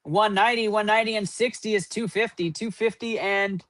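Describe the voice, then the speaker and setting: A man's voice: high-pitched, steady tone, brisk, bright, forceful tone, no echo. A man hosting a live card-opening stream, rattling off running point totals and hyping up each pull. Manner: running tally of numbers, upbeat hype. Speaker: host.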